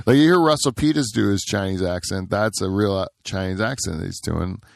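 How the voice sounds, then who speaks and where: A middle-aged man talking loosely on a podcast, wandering through thoughts with plenty of "like" and "uh." His voice sits fairly low, and the close mic leaves it dry with no room sound. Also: a little fast, creaky, no room sound. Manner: rambling, laughs often, many fillers. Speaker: podcast co-host. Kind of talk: casual chat.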